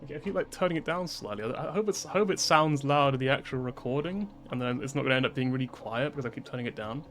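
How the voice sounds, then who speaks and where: A man in his twenties, streaming and ranting in casual chat: animated, exasperated, swearing freely. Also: mid-range voice, quick pace. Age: 20s.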